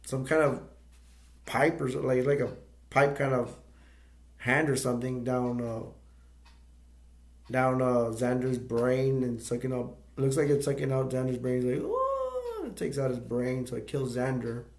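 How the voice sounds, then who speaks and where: A man of middle pitch talks casually through a film's story and keeps stopping to search for the right word. His voice sounds echoey, as if recorded in a bare room. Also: flat delivery, normal speed, a little mellow. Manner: rambling, searching for words. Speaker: movie review channel host. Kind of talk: casual plot recap.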